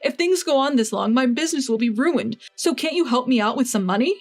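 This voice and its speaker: A man's voice: very high-pitched, expressive, a little fast, soft background music. A woman reading as a desperate angry father-in-law. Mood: pleading. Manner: desperate, pleading then angry. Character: pleading then violent middle-aged father-in-law.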